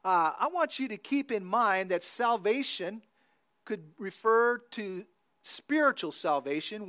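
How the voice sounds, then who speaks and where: A male pastor preaching a sermon, deliberate and emphatic. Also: sits high, fairly bright tone.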